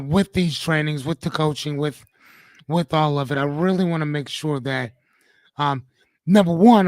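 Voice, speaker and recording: A man hosts a live coaching stream. He reads viewer comments and riffs on them in an animated, slangy, joking way. His voice sits a little high, and the sound is dry and close to the mic. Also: dry recording. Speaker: host and coach.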